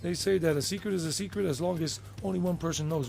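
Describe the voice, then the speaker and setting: A man's voice: a little high, fast talker, creaky, a little mellow, soft background music. Rambling Southern American man vlogging. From United States. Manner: rambling and digressive, with self-corrections. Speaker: travel vlogger. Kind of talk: casual travel chat.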